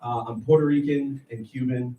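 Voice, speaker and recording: A man's voice: mid-range voice, fairly even intonation, moderate pace, phone-quality sound. A man from Bridgeport, Connecticut doing a stand-up set, loose and profane, laughing through his bits. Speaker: stand-up comic. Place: small live comedy venue. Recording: echoey live room, far mic, loud crowd noise. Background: audience laughter and room ambience.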